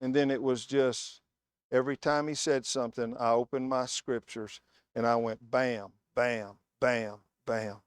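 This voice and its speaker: A man's voice: medium pitch, little pitch movement, normal speed, smooth, dry recording, clean studio sound. A man preaching a sermon in a church, telling stories with emphatic, word-by-word stress. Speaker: guest preacher.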